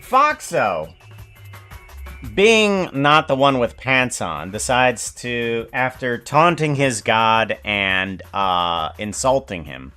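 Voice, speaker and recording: A man streaming live, chatting casually in a rambling, halting way as he works. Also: mid-range voice, lively intonation, pushed and bright, smooth, soft background music. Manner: rambling, halting, self-correcting.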